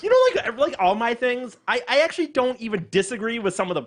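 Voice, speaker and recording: A man with a notably high voice rambles through his points in relaxed podcast chat. He hedges, restarts and laughs often as he talks. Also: fast talker. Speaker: podcast co-host.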